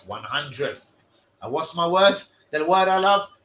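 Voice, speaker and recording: A young man hosting a football stream, swearing and bantering loudly in street slang. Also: a little high, expressive, a little slow, slight background noise, poor audio. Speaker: football fan channel host. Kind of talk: live stream chat.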